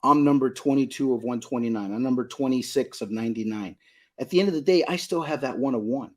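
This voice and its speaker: Middle-aged male shop owner, husky, emphatic guest on a chat podcast. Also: mid-range voice, fast. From Southern California. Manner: emphatic, repeats points, asks "you know what I mean?". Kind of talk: casual podcast conversation.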